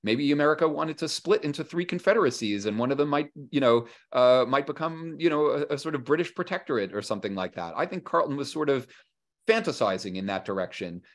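A man at a middle pitch explains history in a relaxed interview. He tells it as a lively story and slips into casual voices for the people he quotes, with plenty of ums and restarts along the way. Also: quick pace. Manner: frequent fillers and restarts. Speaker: historian and author guest. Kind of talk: conversational interview.

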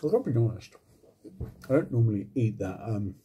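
This ASMR channel host, a married adult, shoots a laid-back mukbang on his phone at home while the washer and computer hum along. His lowish, dark voice moves briskly with big pitch swings as he jokes at his own expense and curses offhandedly. There's slight background noise.

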